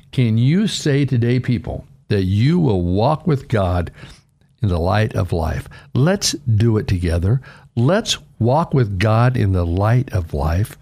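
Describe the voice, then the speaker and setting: A man's voice: lively intonation, takes it slowly, dark tone. An older man giving an earnest radio devotional sermon as a pastor, pushing his voice up on key phrases. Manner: earnest, emphatic, pitch rising on key phrases.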